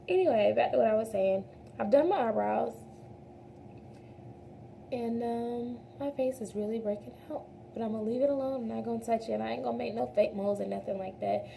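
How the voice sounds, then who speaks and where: Gravelly-voiced woman chatting through a makeup routine. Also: fairly high pitch, fairly quick, dark tone, a little hiss or hum. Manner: earnest, rambling, addresses viewers as y'all. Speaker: beauty vlogger. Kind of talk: casual makeup tutorial chat. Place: home, daylight from a window.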